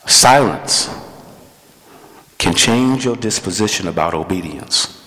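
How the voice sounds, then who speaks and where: A man's voice: medium pitch, moderate pace, long reverb tail. A man preaching a conversational sermon that he builds around his own testimony, acting out quotes as he goes. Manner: conversational, animated, acts out quotes.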